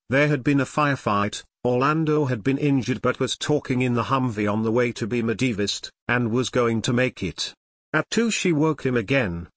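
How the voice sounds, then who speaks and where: A man reading nonfiction as an audiobook narrator, in a measured, even manner. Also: mid-range voice, no room sound, studio quality.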